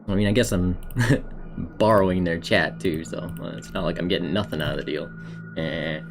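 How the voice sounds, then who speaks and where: A man's voice: low-pitched, steady tone, normal speed, creaky, over music. Chatty man streaming a horror game. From United States. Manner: chatty, laughs often, talks to himself and chat. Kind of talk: casual gameplay commentary.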